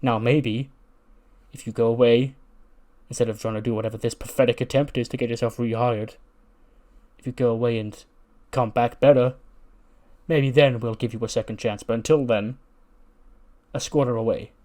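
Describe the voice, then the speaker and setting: A man's voice: mid-range voice, steady tone, darkish tone, close to an everyday voice. A man voicing a stern, imposing male wrestling boss who gives firm, dismissive orders. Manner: firm, dismissive, slow emphatic lines.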